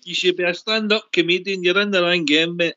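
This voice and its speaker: A man's voice: sits high, steady tone, a little fast, bright, forceful tone, no echo, lo-fi sound. A man calling in to a football phone-in, friendly and laughing along with the others. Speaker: caller. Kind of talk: casual football phone-in chat.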